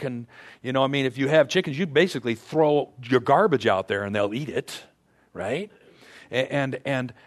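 A man giving a motivational talk to a group, rambling with restarts and playful asides as he tells a parable. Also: medium pitch. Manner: imitates animal sounds. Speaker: speaker to a group.

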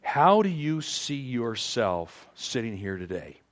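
A man's voice: mid-range voice, very animated, slow, few pauses. A man giving a motivational talk to a group, rambling with restarts and playful asides as he tells a parable. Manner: imitates animal sounds. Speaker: speaker to a group.

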